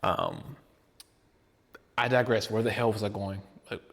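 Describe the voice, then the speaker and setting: Man, podcast co-host, rambling excitable talk, mid-pitched voice, long echoing reverb. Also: unhurried. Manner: rambling, tangent-prone, excitable. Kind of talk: casual chat.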